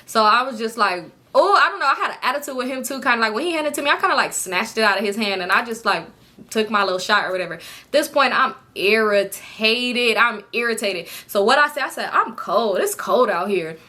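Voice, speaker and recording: A young woman casually telling a storytime vlog, profane and animated, acting out what others said. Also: fairly high pitch, fast talker. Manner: animated, profane, acts out quotes. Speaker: storytime vlogger.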